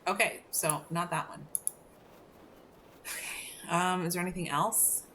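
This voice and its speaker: A woman's voice: on the low side, steady tone, a little slow, fairly bright tone, a little hiss or hum. A woman streaming a game, musing aloud and hesitating as she thinks through puzzles. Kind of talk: gameplay commentary.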